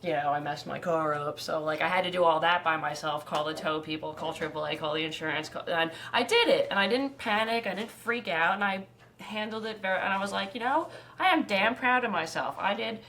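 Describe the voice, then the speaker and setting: A woman's voice: low-pitched, fairly even intonation, fairly quick, fairly bright tone, slight background noise. A woman in her twenties speaking candidly in a documentary interview, emphatic and full of casual fillers. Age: 20s.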